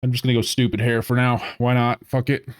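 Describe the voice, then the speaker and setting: A man's voice: medium pitch, flat delivery, fast talker, smooth, no room sound, studio quality. A man in his thirties giving casual gameplay commentary as a streamer, sarcastic, rambling and profane.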